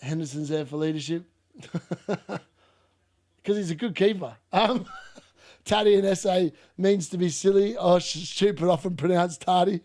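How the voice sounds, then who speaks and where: An excitable man giving live football commentary and reaction, shouting at missed chances and mocking the players. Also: high-pitched, normal speed, long pauses. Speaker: watchalong streamer.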